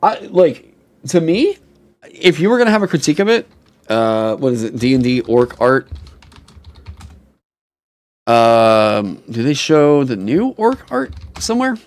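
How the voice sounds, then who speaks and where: A young man streaming casually, reading chat aloud and reacting with animated, swear-filled mock outrage. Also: mid-range voice, measured pace, long pauses.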